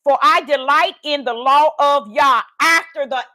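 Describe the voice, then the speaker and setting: A high-voiced woman preaches over a livestream. She reads verses aloud and keeps asking her viewers to answer, in a call-and-response way. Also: a little slow, sharp tone. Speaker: online preacher. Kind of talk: livestream Bible teaching.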